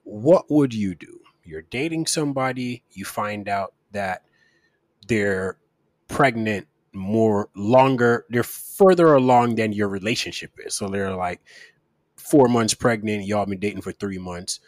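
A man's voice: fairly low pitch, measured pace, dry recording, clean studio sound. A man co-hosting a casual talk, laying out a long-winded question and insisting on finishing. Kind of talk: casual chat.

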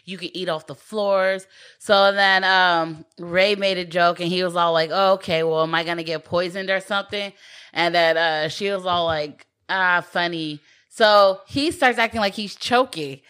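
A woman's voice: lowish voice, steady tone, normal speed, a bit bright, clean tone. A woman casually retelling a film's plot in a rambling way, full of fillers and quoted lines. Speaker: co-host recapping a film. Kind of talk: casual chat.

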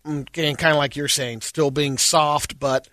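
A man co-hosting a comedy talk show, reading odd news items in a casual, deadpan way. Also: on the high side, a little slow, no echo, studio quality. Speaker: co-host reading news segments. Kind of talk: casual radio-style banter.

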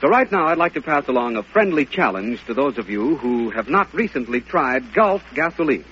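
A man's voice: mid-range voice, sing-song, moderate pace, fairly bright tone. Folksy old-time radio ad man. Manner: friendly, folksy salesmanship. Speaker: sponsor announcer. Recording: dull old radio broadcast with hiss.

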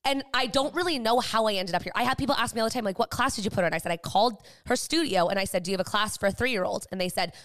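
A woman's voice: mid-range voice, rapid-fire, hardly any pauses. A woman in her thirties co-hosting a casual chat podcast, telling stories with lots of fillers. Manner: chatty, animated storytelling with many fillers. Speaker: podcast co-host.

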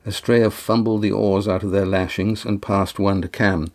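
A man narrating an audiobook chapter in a steady, measured way. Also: lowish voice.

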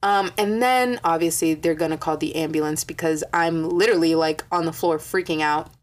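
A young woman telling a story in a casual vlog, swearing a lot and acting out quotes with animated energy. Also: deep voice, normal speed. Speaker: vlogger.

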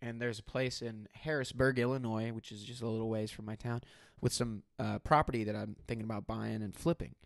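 A man's voice: on the low side, steady tone, brisk, vocal fry, few pauses, no room sound, studio quality. A young man telling a personal story in casual chat, emphatic and full of "like" fillers.

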